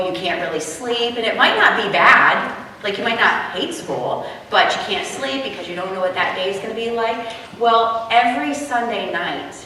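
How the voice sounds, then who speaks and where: A young woman preaches at a retreat in a chatty, animated way, telling a story from her own life. Her voice is bright and sits a little high. She is picked up from a distance in a big, echoing hall with a long reverb. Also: slight background noise. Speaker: speaker at a women's retreat. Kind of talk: storytelling sermon. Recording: echoey hall, voice from far off.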